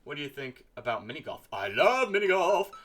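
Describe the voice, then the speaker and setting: A man's voice: medium pitch, brisk, pushed and bright, faint music behind, lightly acted. A man voicing a cheerful, laid-back fishing dad in a game, upbeat and chummy.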